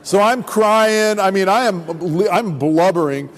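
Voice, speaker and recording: A pastor gives his testimony as a lively storyteller, acting out the people in his story. His voice sits a bit high for a man and rings through a big hall with a long echo. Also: measured pace, slight background noise. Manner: animated storyteller who acts out voices. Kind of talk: sermon testimony. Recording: long reverb of a large hall.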